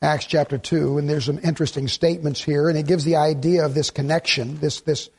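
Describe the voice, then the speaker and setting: A man's voice: on the high side, level tone, brisk, slightly rough. A male pastor preaching a sermon in a conversational way, asking the congregation questions and slipping in jokes.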